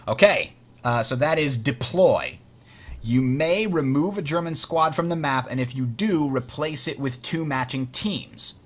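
A man's voice: on the high side, unhurried. A man hosting a game tutorial, explaining rules step by step while playing, correcting himself with frequent fillers. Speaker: host teaching a board game.

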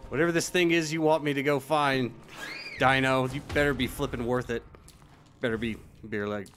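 A man streaming a game live, excitable and laughing often, swinging between loud shouts and low mutters. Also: normal speed, slight background noise. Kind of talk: live gameplay commentary.

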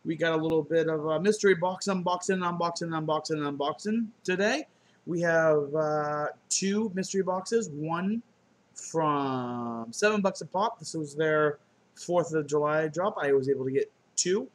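A man's voice: on the high side, normal speed. A man chatting casually while unboxing on camera, loose and joking with goofy profane asides, recorded on a laptop indoors. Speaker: unboxing vlogger.

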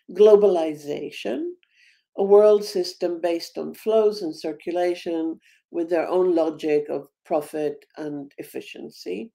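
A woman delivers a dense academic talk over a video call. Her voice sits low, with a gravelly, mellow grain. She thinks aloud as she goes, hesitating and restarting her sentences. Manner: thoughtful, halting, with many ums and restarts. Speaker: panel speaker.

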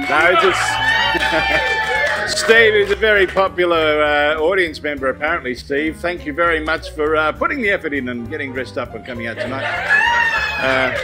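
A man hosting a live variety talk show, chatty and joking with an audience member, with many fillers. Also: on the high side. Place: stage before a live audience. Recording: live studio with loud music and crowd.

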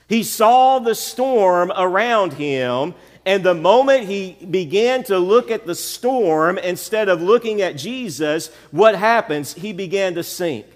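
A man preaching a sermon as pastor, building repeated phrases and asking the congregation "amen?". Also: high voice. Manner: preacherly, repetitive calls of "amen?". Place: church sanctuary. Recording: long church reverb.

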